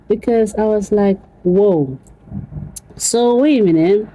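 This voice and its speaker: A woman's voice: medium pitch, a little slow, muffled recording, slight background noise. A woman vlogger talking casually to her viewers, exclaiming, laughing and repeating phrases over and over. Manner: animated, repetitive, exclamatory, laughs often. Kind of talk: casual commentary to camera.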